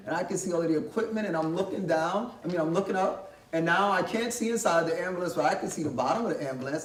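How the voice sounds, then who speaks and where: A man's voice: high-pitched, a little hiss or hum. A man giving a talk as a guest speaker, telling a personal story in a vivid, conversational way and acting out the voices he quotes. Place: college library event space. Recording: echoey room, distant mic, faint ambience.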